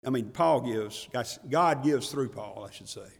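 A man's voice: medium pitch, animated, unhurried, gravelly, slightly rough, big-room sound. A man preaching a folksy, conversational sermon as pastor, often laughing and repeating himself for emphasis. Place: church sanctuary.

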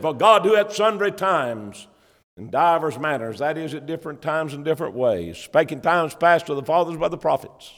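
Fervent man preaching in an echoing church. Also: on the high side. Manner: fervent preaching with rising emphasis; Bible quotations in old King James wording. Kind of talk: sermon. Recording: long church reverb.

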